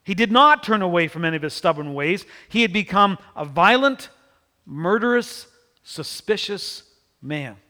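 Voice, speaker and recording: A man preaching a sermon, telling the story in an animated way and acting out the people in it. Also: sits high, normal speed, big-room sound. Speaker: pastor.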